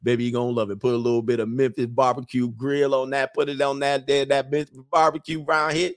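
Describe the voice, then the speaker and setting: A man's voice: mid-range voice, little pitch movement, fast, no room sound, studio quality, natural voice. A man putting on a Southern drawl to play a flirtatious, sweet-talking Southern charmer. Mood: drawling flirt. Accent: put-on American Southern drawl.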